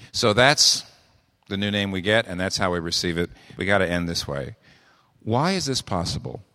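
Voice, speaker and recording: Man, pastor, sermon, somewhat low voice, long reverb of a big church, chatty preaching with restarts. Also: a bit bright. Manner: conversational preaching with frequent restarts and rhetorical questions.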